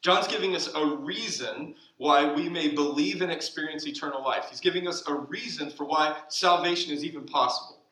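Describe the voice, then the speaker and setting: A male pastor preaching a sermon, slowing down for emphasis and dropping to soft, quiet asides. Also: a little high. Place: church sanctuary. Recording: roomy church sound from a distant mic.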